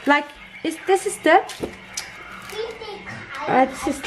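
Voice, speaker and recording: A young woman with a high voice unpacks craft mail at home in a casual chat. She gushes, gasps and thanks the sender again and again. She talks at an unhurried pace. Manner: gushing, gasping, effusive thanks. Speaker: craft vlogger opening mail.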